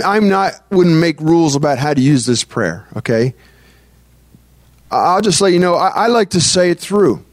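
A man's voice: fairly high pitch, no echo, studio quality. A man preaching a conversational sermon as pastor. He speaks earnestly and breaks into prayer as he teaches. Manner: earnest, prays aloud mid-talk.

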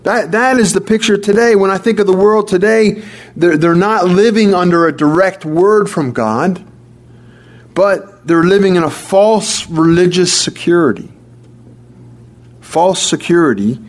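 A man's voice: high-pitched, a little slow. A man preaching a sermon, emphatic and repetitive, often restarting his words. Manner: emphatic, repeats key phrases, stammering restarts.

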